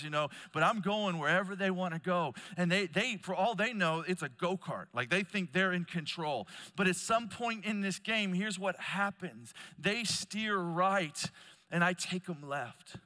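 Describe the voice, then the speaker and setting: Lively preacher in a reverberant hall. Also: male voice. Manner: storytelling, swings between loud emphasis and hushed low asides. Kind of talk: conference sermon.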